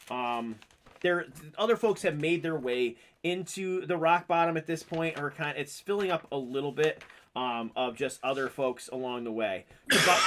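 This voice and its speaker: A man's voice: on the high side, fairly bright tone. A man narrating a tabletop game as game master, casual and full of fillers.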